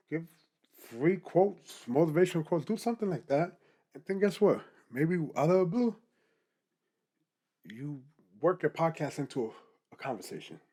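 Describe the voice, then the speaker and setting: Animated young man giving podcast tips. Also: on the high side, measured pace, pauses often. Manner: animated, talks straight to the viewer, keeps asking "guess what?". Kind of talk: casual advice vlog.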